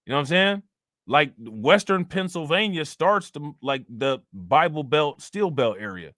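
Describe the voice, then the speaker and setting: A man's voice: a little high, animated, unhurried, fairly bright tone, dry recording, clean studio sound. Loose, rambling male streamer. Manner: rambling, loose and profane, reading out chat messages. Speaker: live stream host. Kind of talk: casual live-stream commentary.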